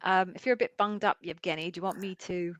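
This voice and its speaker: A woman's voice: lowish voice, fairly even intonation, fast, no room sound. Chatty woman hosting a live stream. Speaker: co-founder and live stream host.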